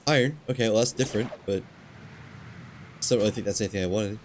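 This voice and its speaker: A man with a fairly low voice talks half to himself as he plays, laid-back and a little distracted, with hiccups. Game ambience and a humming engine sit clearly behind him. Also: a little fast. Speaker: streamer. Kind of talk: casual gameplay commentary. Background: game ambience and engine noise.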